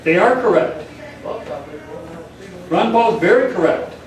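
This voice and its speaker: A man's voice: high voice, animated, unhurried. A man speaking at a political meeting, rambling and telling a joke with acted-out voices. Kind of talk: public talk to a meeting. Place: meeting room in a church. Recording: echoey hall, far from the mic, crowd noise.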